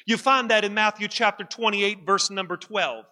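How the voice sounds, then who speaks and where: A man's voice: sits high, steady tone, moderate pace, bright, forceful tone, in a large hall. A man preaching a sermon as pastor, emphatic and given to repeating his key lines for effect.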